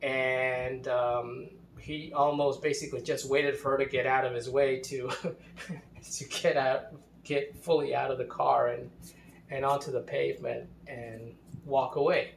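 A man's voice: mid-range voice, flat delivery, a little slow, vocal fry. A man telling a casual anecdote in a rambling, hesitant way, often restarting his sentences. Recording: roomy with faint ambient noise.

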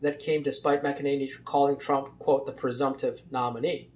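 A man's voice: medium pitch, flat delivery, normal speed, darkish tone. A man giving casual, rambling political commentary with many fillers and restarts.

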